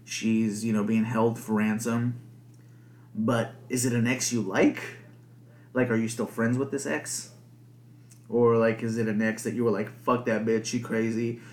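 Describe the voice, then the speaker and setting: A man's voice: lowish voice, level tone, a little slow, pauses often, darkish tone. A young man hosting a podcast alone, rambling casually with lots of swearing and filler words. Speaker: podcast host. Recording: echoey room.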